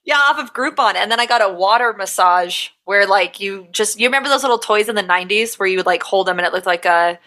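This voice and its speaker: A woman co-hosting a podcast, telling stories in casual chat and acting out shouts and sound effects. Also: medium pitch, fast, hardly any pauses. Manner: animated storyteller, acts out shouts and sound effects. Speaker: podcast co-host.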